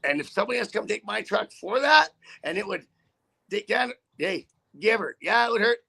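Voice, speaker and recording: A man's voice: high voice, animated, brisk, creaky, pushed and bright, breathy edge. A middle-aged man who drives a truck, talking in a blunt, profane, rambling way with many restarts. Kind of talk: casual on-camera chat.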